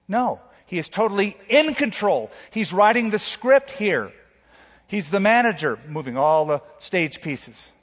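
A man preaches with a fairly high voice, swinging from hushed asides to loud, pointed lines. His voice rings out with a long reverb from a big hall. The sound is a little dull and muffled. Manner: dramatic preaching with sudden loud and soft swings. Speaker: pastor. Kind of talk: sermon.

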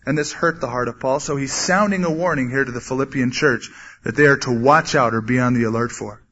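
A man preaching a sermon, earnestly teaching from the Bible and acting out quotes with sudden loud bursts. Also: medium pitch, a little fast, breathy edge. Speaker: pastor. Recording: dull lo-fi sermon recording.

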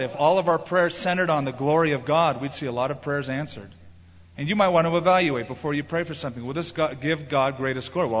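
A middle-aged man preaching a sermon as pastor, emphatic and animated. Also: on the high side. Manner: emphatic preaching, acting out voices in quotes. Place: large church sanctuary. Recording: reverberant hall, slightly muffled.

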